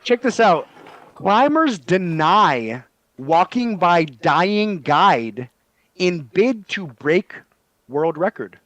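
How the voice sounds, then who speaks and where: A man hosting a casual comedy podcast, excitably chatting and reading a news story aloud. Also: sits high, drawn-out words, dry recording, low-quality recording. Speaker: podcast host.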